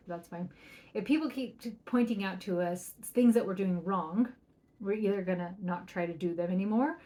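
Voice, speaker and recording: A middle-aged woman hosting a parenting podcast, giving advice in a chatty, upbeat way and often asking "right?". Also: mid-range voice. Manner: chatty, upbeat, keeps asking "right?", acts out soft quoted lines. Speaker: parenting coach and podcast host.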